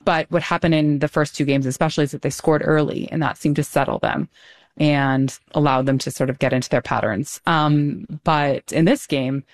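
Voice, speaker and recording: A woman with a low voice explains things in a relaxed, conversational way. She pauses often with ums and laughs lightly. She sounds thoughtful and easygoing. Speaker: guest commentator. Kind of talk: casual conversational analysis.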